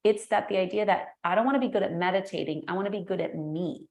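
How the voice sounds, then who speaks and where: A middle-aged woman, a guest entrepreneur and speaker, talking in an energetic, animated way and acting out the voices in her stories. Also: medium pitch, quick pace. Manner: energetic, animated storyteller who acts out quotes. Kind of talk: casual interview chat. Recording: echoey room.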